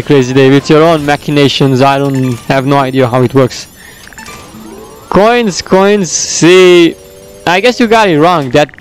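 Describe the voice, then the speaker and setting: A man giving excitable let's-play commentary, whooping and shouting at the game as he plays. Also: fairly high pitch. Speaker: gaming commentator.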